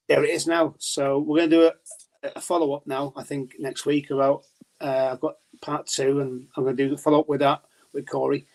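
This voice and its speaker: A man as a podcast guest in casual chat, telling stories chattily, swearing and laughing often. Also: a little high.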